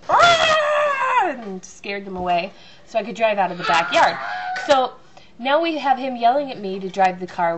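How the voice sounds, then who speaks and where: Amid background noise, a woman with a mid-range voice tells a long, rambling, self-mocking story about her family at home. She's chatty and acts out loud voices.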